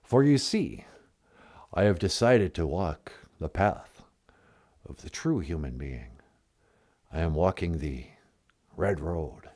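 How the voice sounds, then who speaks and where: Comedy caller: man voicing a solemn, deep, mock-portentous Western sidekick, slow delivery. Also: expressive, darkish tone, full character voice. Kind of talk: puppet comedy call-in bit.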